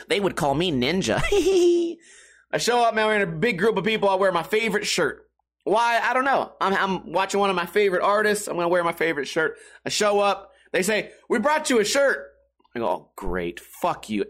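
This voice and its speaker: A man's voice: fairly high pitch, fairly bright tone. A man telling a casual story in a rambling, profane way, often laughing as he talks.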